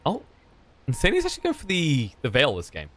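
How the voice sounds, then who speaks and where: Fast, high-voiced male game caster. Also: slight background noise. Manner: rapid, excitable play-by-play. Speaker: esports caster. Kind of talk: live play-by-play commentary.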